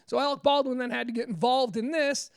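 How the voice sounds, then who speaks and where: A woman hosting a talk radio show, chatting casually and telling a story with lively acted-out quotes. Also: high-pitched, fast, vocal fry, no echo. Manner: animated storyteller, acts out quotes.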